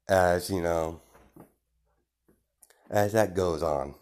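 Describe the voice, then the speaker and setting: A man with a deep, low voice tells a made-up story off the top of his head. He rambles, restarts his sentences and leans on fillers as he goes. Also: takes it slowly, long pauses. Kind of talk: casual improvised story retelling.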